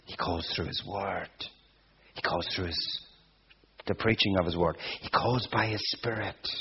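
A man preaching a sermon at a deliberate, unhurried pace, his voice carrying a husky edge. He builds emphatic, repeated phrases as he goes. The recording sounds dull and lo-fi. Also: low-pitched.

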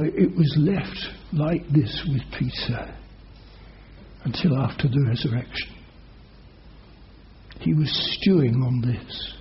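A man's voice: mid-range voice, a little hiss or hum. Dramatic preacher, man, muffled lo-fi sound. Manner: dramatic storytelling, rising loud for quoted oaths. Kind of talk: sermon. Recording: dull lo-fi recording.

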